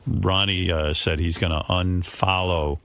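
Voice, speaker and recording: A man's voice: low voice, fairly even intonation, a little slow, fairly bright tone, dry recording. A man hosting a talk radio show, teasing and provoking a caller in a dry, needling way. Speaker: radio host.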